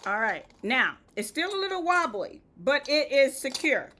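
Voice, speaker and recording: Woman, Southern US accent, host of a live craft demo; high, bright, patient and instructive. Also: very animated, normal speed, a little hiss or hum. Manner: step-by-step instructive, checks in with "okay?". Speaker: event decor host. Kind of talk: live-stream how-to demo.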